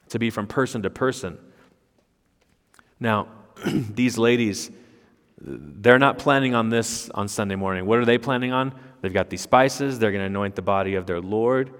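A man preaching an expository sermon, emphatic, with rhetorical questions and repeated words. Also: mid-range voice. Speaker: pastor. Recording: long reverb of a large hall.

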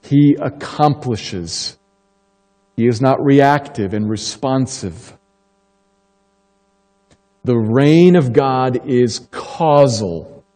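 A man preaching a sermon as pastor, emphatic and slowing down to stress key phrases. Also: mid-range voice, lively intonation, darkish tone, big-room sound.

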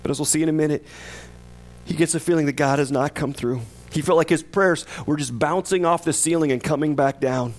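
A man's voice: a little high, fairly quick. Conversational male pastor preaching. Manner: conversational, asks the congregation questions; acts out the psalmist's voice with rising intensity. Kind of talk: sermon.

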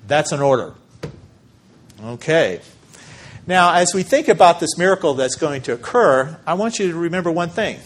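A man preaching a sermon in a church, delivering each point in a measured, emphatic way. He stops deliberately to stress key words. His voice sits a little higher than most men's. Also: expressive. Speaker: pastor.

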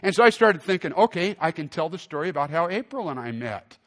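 A male pastor preaching a sermon, telling a story with lively acted-out quotes and big swings in loudness. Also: fairly high pitch, fast.

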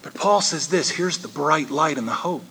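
A man's voice: on the high side, lively intonation, moderate pace, background noise. A male pastor preaching a sermon in a church, emphatic and conversational, with frequent asides to the congregation.

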